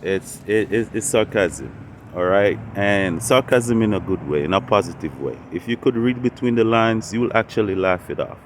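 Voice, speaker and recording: A man's voice: fairly low pitch, lively intonation, moderate pace, a little hiss or hum. A man hosting a spiritual channel, talking unscripted and meandering, often repeating and restarting phrases. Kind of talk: unscripted casual monologue.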